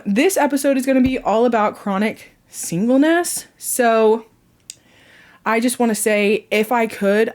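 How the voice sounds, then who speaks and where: A woman hosting her own podcast from home, chatting casually, rambling and laughing at her own jokes. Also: medium pitch. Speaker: podcast host. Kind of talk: casual chat.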